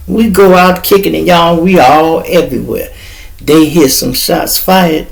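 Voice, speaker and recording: A man telling a rough street story on his podcast, animated and profane, slipping into the voices of the people in it. His voice sits fairly high and has a gravelly, fried edge. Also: a little slow, poor audio. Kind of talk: casual storytelling.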